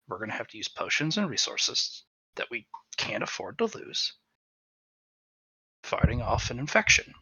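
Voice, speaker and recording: A weathered male monster hunter voiced by a man who talks in a low, hushed, threatening murmur, curt and unimpressed. The voice has a bright, tense bite and swings widely in pitch when pressed. It sits dry and close, as in a tabletop game session. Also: big pitch swings, moderate pace, pauses often, slightly rough, no room sound, lo-fi sound, heavily acted. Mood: grim. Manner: low, quiet, threatening growl. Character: grim, wary veteran male monster hunter.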